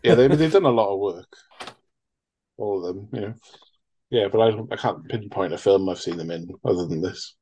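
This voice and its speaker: A man's voice: lowish voice, normal speed, warm tone, slightly rough. A man in a casual, rambling film chat, swearing freely and restarting sentences. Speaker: podcast co-host.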